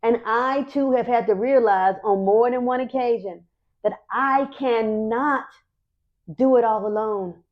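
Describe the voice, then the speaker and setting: A woman's voice: fairly high pitch, a little slow, muffled recording. A middle-aged woman hosting a podcast, giving an earnest, encouraging faith talk and repeating her key phrases for emphasis. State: emotional, near tears. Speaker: podcast host.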